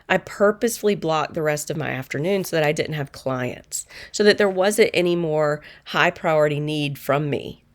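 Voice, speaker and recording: A middle-aged woman who works as a manifestation coach, telling a personal story in a calm, earnest and reflective way. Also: low voice, vocal fry.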